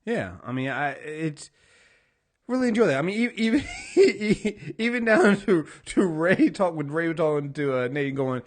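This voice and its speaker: A man's voice: on the high side, animated, unhurried. A man co-hosting a casual TV recap podcast, swearing freely and acting out characters' lines as he talks. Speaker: podcast co-host.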